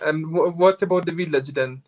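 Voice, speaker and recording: A man's voice: fairly high pitch, brisk, darkish tone. A man with an Italian accent hosting a livestream, asking short questions and offering brief reassurance. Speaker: livestream host. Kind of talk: casual chat. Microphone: video call.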